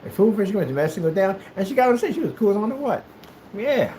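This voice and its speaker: A man from the United States chatting casually while he plays, telling rambling, animated stories in a hyperactive way. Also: sits high, rapid-fire, slight background noise. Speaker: gaming streamer. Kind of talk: casual chat while playing.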